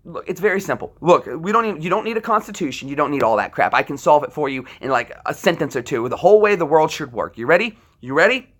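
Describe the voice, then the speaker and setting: A man's voice: on the high side, big pitch swings, quick pace, a bit bright. Tense, fired-up male livestream ranter. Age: adult military veteran. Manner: impassioned, profane, rambling with restarts. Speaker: livestream host. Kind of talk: ranting livestream monologue.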